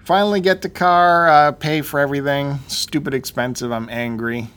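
A man on a casual talk show, telling a long story in an animated, ranting way and acting out the people in it. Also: a little high, moderate pace, clean tone. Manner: animated, ranting, acts out quotes.

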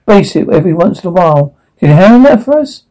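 A man's voice: high voice, very animated, quick pace, warm tone, rough recording. A man playing an evasive middle-aged father who deflects and stays defensive. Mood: casual.

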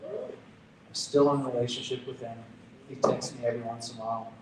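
This pastor speaks briskly and flatly in a mid-range voice, relating a personal story earnestly and conversationally during a storytelling sermon. He's in a church gathering room with a noisy background. The recording is roomy and distant from the mic.

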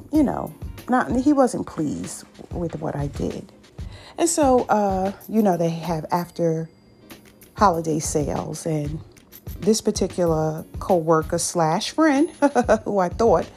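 A woman's voice: lowish voice, very animated, slow, pauses often, dark tone, faint music behind. A woman hosting a faith-based podcast, telling a personal story in a chatty way and then preaching firmly to listeners. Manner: conversational, anecdotal, then preachy and emphatic. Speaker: podcast host.

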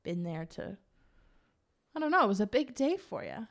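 A woman's voice: on the high side, very animated, moderate pace. A woman in a casual chat, making teasing, wry remarks and asking questions.

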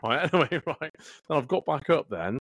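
A man's voice: a little high, lively intonation, a little fast, a bit bright, no room sound. A man in his thirties, a podcast co-host telling a rambling, sweary story in casual chat. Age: 30s.

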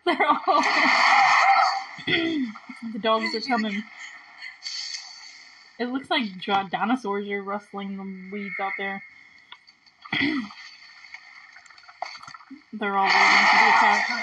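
A woman's voice: mid-range voice, noisy background. A woman hosting a podcast, recapping a TV episode in casual chat and laughing often as she retells the scenes. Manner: giggly, chatty, retells scenes with quick quotes. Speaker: podcast host.

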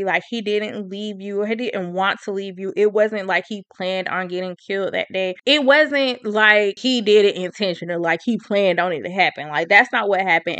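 A woman chatting casually as she recaps a book, slangy and lively, with constant "she was like" asides. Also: medium pitch, no room sound. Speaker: book reviewer.

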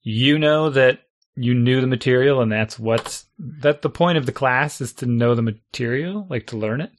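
A man's voice: mid-range voice, moderate pace. A middle-aged man chatting casually as a podcast co-host, reflective, thinking aloud and laughing often. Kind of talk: casual chat.

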